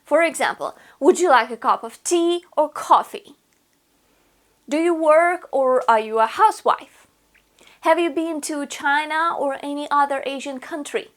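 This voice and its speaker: High-voiced woman teaching grammar. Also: a little slow. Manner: patient, step-by-step explaining. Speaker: language teacher. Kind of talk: online grammar lesson.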